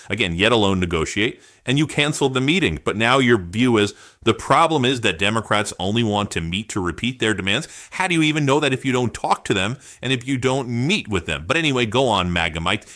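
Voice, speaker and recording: A man giving sarcastic political commentary, firing off rhetorical questions in an animated way. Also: medium pitch, no room sound, clean studio sound.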